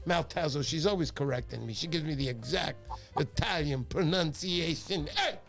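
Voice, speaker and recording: Male livestream host, high-pitched, animated storyteller who greets his viewers; faint background music. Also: moderate pace, creaky. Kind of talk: casual livestream chat.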